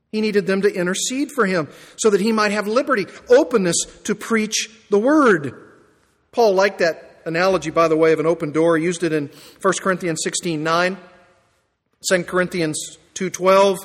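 Male pastor, high voice, emphatic sermon delivery, long echo from a church hall. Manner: emphatic, rising to excited peaks then dropping quiet. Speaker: preacher.

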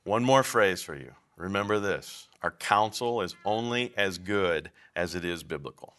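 Male counseling teacher, lower register with a bright edge. Emphatic, chatty classroom lecture. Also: animated, normal speed. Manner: emphatic, conversational, asks the class questions.

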